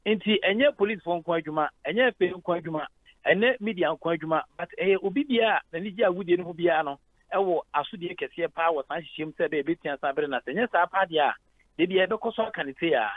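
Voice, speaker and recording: A man with a Ghanaian accent and a voice on the high side calls in to a radio show, fast and animated. The tinny phone line has no room sound, and as head of sport he offers long explanations, mixing English into Twi.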